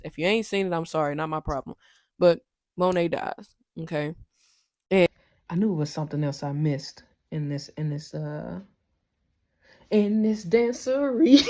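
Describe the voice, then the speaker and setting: A woman hosting a casual TV recap, ranting with heated, profane rhetorical questions and big swings in pitch and loudness. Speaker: TV recap host.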